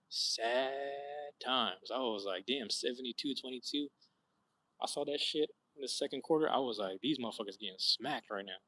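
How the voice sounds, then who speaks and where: A young man talks to his viewers in a loose, slangy ramble, swearing freely and breaking into animated outbursts. His voice sits a little low, with a bright, forward edge. He sounds outdoors, relaxed and chatty. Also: rough recording. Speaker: vlogger chatting with live viewers. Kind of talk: casual live-stream chat. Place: outdoors at sunset.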